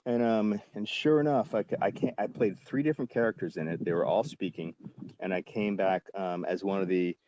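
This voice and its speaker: A man in his forties with a lowish, mellow voice tells a story as a podcast guest. He rambles through it with plenty of fillers and casual swearing. The sound is dry and slightly dull, like a lo-fi podcast. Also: brisk, slight background noise.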